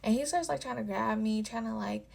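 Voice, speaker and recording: A young woman tells a personal story for her vlog in a loose, offhand way. Her voice has a lot of gravelly vocal fry. She swears freely and fills nearly every phrase with "like.". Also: fairly high pitch, a little fast, a little mellow. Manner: casual and profane, with constant "like" fillers. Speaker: storytime vlogger.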